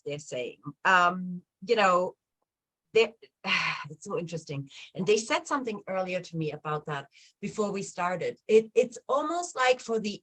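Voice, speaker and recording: A woman hosting a casual spiritual talk show, chatty and animated, with many fillers and restarts. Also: lowish voice, normal speed, rough recording. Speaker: host of a spiritual chat show.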